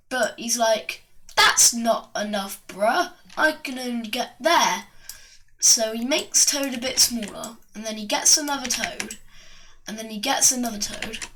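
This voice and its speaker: A woman slowly rambles through a made-up story, drawing as she goes, with slangy asides and plenty of fillers. Her voice is bright and light, set back from the mic. Faint keyboard clicking runs underneath. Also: on the high side, distant mic, a little hiss or hum. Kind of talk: rambling improvised story narration.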